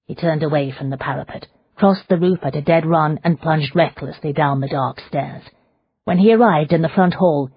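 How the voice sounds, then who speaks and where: A woman narrating an audiobook in a measured, dramatic storytelling style. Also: low-pitched, breathy edge, no room sound, highs cut off. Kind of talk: scripted narration.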